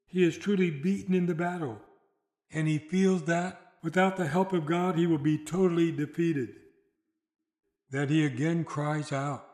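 Solemn preacher in an echoey room. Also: male voice, on the high side, fairly even intonation, darkish tone. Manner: solemn, measured delivery with dramatic slowed quotations. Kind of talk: sermon.

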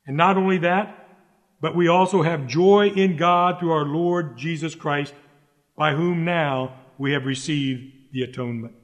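A man preaching a sermon, earnest and emphatic, pleading with the listeners and repeating his key phrases. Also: on the high side. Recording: long hall reverb.

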